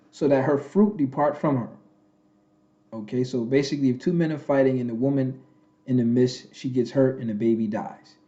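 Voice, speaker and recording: A man's voice: a little high, a little mellow, lo-fi sound. A man lecturing on scripture in a blunt, slangy street style, emphatic and repeating "okay? right?" as he drives each point home. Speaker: self-styled prophet teaching scripture.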